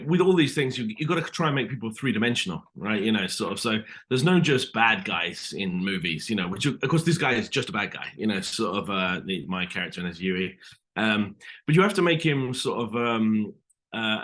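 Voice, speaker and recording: This British actor, appearing as a guest, rambles through a relaxed interview with plenty of hesitations, fillers, and false starts. His pitch is fairly low and his tone fairly bright.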